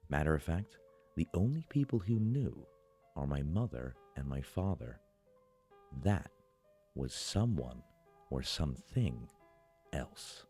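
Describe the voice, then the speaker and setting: A man with an extremely low, dark voice reads a horror story in a slow, measured way, pausing for effect. Faint music runs under the narration. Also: breathy edge. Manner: slow, measured, dramatic pauses.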